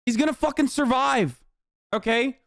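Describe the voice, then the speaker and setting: A male streamer in a ranting reaction stream yells at his audience in a high, creaky voice, cursing freely and tagging points repeatedly with "okay?". He speaks at a moderate pace, and the sound is dry and close with no room or echo around it.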